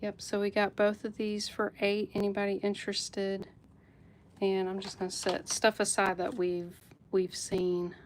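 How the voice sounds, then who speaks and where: A woman's voice: medium pitch, monotone, a little slow, slight background noise. A woman hosting a live jewelry sale stream, chatting casually with viewers by name and laughing often. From United States.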